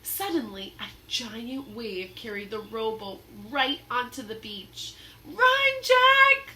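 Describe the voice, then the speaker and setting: A woman reading a children's book aloud in an expressive, dramatic storytelling manner. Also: on the high side, slow, a little hiss or hum. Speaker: storybook reader.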